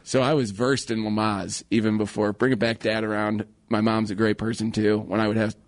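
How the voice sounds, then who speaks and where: A young man co-hosting a radio show, telling a story in a casual, animated way. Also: lowish voice, a little fast. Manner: animated, acts out voices in his stories.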